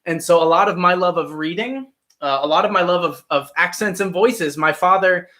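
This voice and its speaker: This is a young man with a Midwestern American accent, his voice sitting a little high for a man. He hosts a casual livestream chat, thinking out loud and circling back with plenty of restarts. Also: moderate pace. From Ohio, United States. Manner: thoughtful, rambling with many restarts. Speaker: YouTube livestream host.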